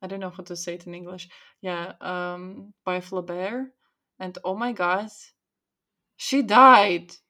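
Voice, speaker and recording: A young woman in casual conversation, telling animated stories and acting out the voices of people she quotes. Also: fairly low pitch, normal speed. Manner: animated storyteller, acts out quoted voices, many likes. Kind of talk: casual chat.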